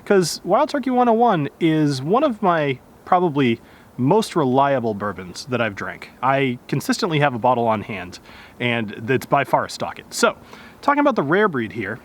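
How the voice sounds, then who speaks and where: Lively, chatty man reviewing whiskey outdoors. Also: medium pitch, normal speed. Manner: chatty, self-correcting. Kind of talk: casual review chat. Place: outdoors in nature.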